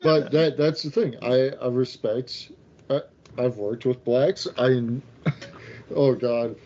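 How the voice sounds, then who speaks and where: A man's voice: mid-range voice, slow pace, a little mellow. A man co-hosting a podcast in casual chat, stammering and laughing his way through. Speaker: podcast co-host. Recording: dull, muffled audio.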